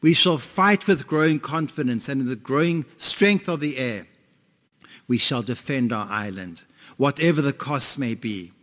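A male pastor imitating a grave old British wartime statesman with slow, solemn oratory. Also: medium pitch, a bit bright, natural voice. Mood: defiant. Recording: long reverb in a hall.

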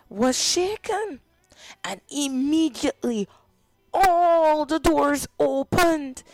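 A woman telling a Bible story to children in a slow, expressive storytelling voice. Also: on the high side, no echo.

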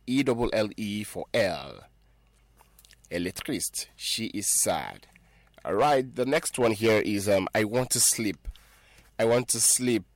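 A man's voice: fairly low pitch, no echo. A man teaching a French lesson in English, patiently repeating words and spelling them out letter by letter. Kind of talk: spoken language lesson.

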